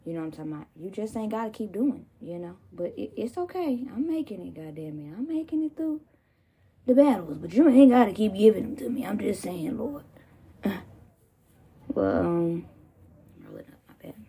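On her own podcast, a woman rants casually and profanely, laughing in asides while recovering from pneumonia. She sounds warm and very animated, medium-pitched, at a normal speed.

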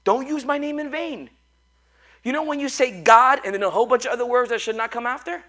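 A male pastor preaching a sermon, animated and joking as he coaxes his congregation along. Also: very high voice, brisk. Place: church.

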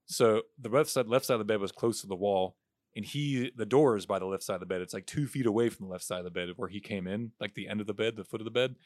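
The clean, echo-free studio audio catches a young co-host with a lowish voice talking at a quick pace. He's telling a story casually, cursing freely and voicing everyone's quotes with lively animation.

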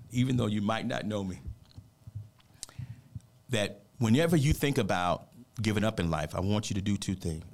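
During a radio interview, a motivational speaker with a lowish voice tells a personal story. He delivers it with heartfelt, emphatic earnestness that feels almost like preaching.

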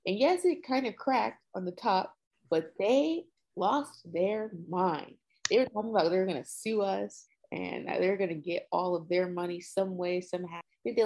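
A woman guest on a podcast in casual chat, telling animated stories and laughing. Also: on the low side.

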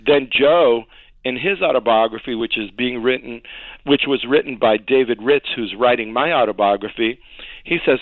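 A man recounts stories as an interview guest, acting out what others said and laughing along the way. His voice is of middle pitch, and it comes through thin and phone-like. The sound is dry and close. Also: normal speed, no room sound. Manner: animated storyteller, acts out quotes, laughs often. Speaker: songwriter guest. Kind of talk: storytelling interview.

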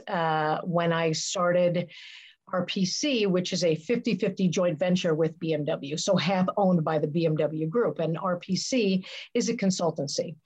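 A woman's voice: fairly low pitch, a little mellow, lo-fi sound. Earnest woman telling her career story. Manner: earnest, reflective storytelling with many restarts. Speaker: interview guest, business leader. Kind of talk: conversational interview.

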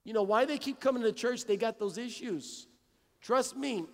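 A man's voice: very high-pitched, normal speed, in a large hall. A male pastor preaching a conversational sermon to his congregation, repeating phrases and acting out little dialogues. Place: church sanctuary.

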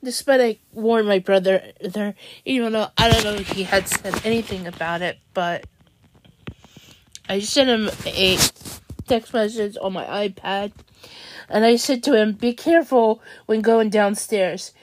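A young woman venting in an upset, halting way, often restarting her sentences. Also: mid-range voice. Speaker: vlogger. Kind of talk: venting monologue.

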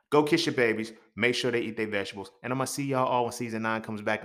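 A young man hosting his own podcast, talking alone in a heated, profane monologue that rises to near-shouts and then drops low. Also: quick pace, few pauses. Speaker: podcast host. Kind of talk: impassioned solo monologue.

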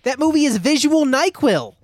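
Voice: high-pitched, very animated, normal speed, no echo, studio quality. A podcast co-host in casual chat, easygoing and teasing, laughing often.

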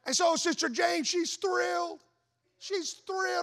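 A man's voice: very high voice, measured pace, creaky. A man preaching a sermon as pastor, telling a story with rhetorical questions to the congregation. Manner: animated storytelling with voiced asides.

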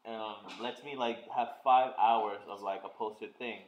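A man's voice: fairly low pitch, steady tone, highs cut off, slight background noise. Young male podcast host in echoey room. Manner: loose, crude, quick to laugh. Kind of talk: casual chat.

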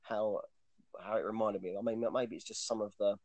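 A man talks casually about movies in a fairly low voice, rambling and restarting his sentences as he goes. The recording is dry and close, with no room sound. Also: steady tone, brisk, darkish tone, dry recording. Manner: rambling, chatty, frequent restarts and fillers. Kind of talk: casual chat about films.

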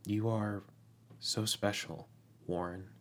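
A man voicing a male demon who talks in halting, hesitant phrases in a low voice. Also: fairly even intonation, natural voice. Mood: tender. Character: male demon, scheming yet tender.

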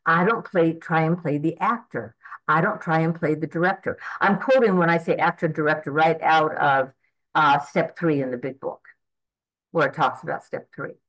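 A woman's voice: low voice, moderate pace, a bit bright, low-quality recording. A woman of eighty giving an earnest, rambling personal testimony at a recovery meeting, with frequent restarts and fillers. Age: 80s.

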